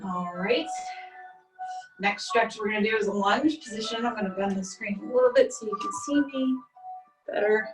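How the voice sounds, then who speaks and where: A woman leading a guided stretching class, calmly cueing each step while she does the moves herself, recorded on a laptop mic across a room. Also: mid-range voice, moderate pace. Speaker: stretching instructor. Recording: echoey room, distant mic, faint music.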